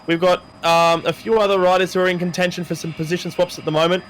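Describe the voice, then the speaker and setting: A man calls a virtual race with a high, excitable voice, tossing in jokes between the action. A faint hiss sits under the recording. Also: fast. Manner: excitable, jokey play-by-play. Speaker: race commentator. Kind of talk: sim racing commentary.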